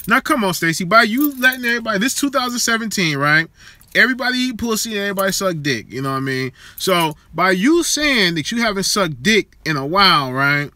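A man's voice: high voice, sharp tone, dry recording. A man hosting a live show, chatting casually and profanely with viewers in a streetwise way.

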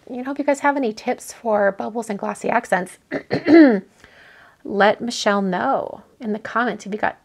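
A woman's voice: on the high side, creaky. A woman hosting a casual livestream, chatting and gushing as she opens cards sent by viewers. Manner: gushing, chatty, thinks aloud with many fillers. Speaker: card-making livestream host. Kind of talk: casual live chat while opening mail.

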